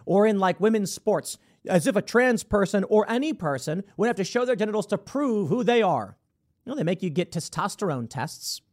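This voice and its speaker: A man's voice: sits high, animated, moderate pace, darkish tone. A man giving casual, sarcastic commentary on news stories, reading passages aloud and reacting with incredulity. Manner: sarcastic, incredulous, breaks into mock voices. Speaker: political commentator.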